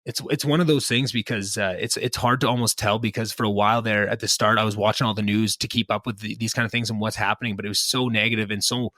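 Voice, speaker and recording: Young guy podcasting from his basement, quick chatty rambling, bright voice, dry close mic. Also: on the low side, fairly even intonation, no echo. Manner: rambling, self-deprecating, many restarts. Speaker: podcast host. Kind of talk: casual chat. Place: home basement.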